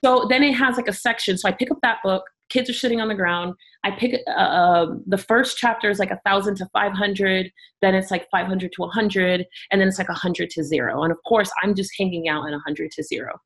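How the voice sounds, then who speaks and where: A middle-aged woman from Miami, a guest entrepreneur telling her story in an animated way, acting out the voices of people she quotes. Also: mid-range voice, brisk, few pauses. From Miami, Florida. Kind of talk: storytelling interview talk.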